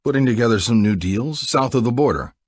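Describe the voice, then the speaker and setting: A man voicing a cocky, swaggering male outlaw who talks in loud, brash, profane banter. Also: medium pitch, lively intonation, brisk, no echo, clean studio sound, voice pushed up, lightly acted. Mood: sly bluff.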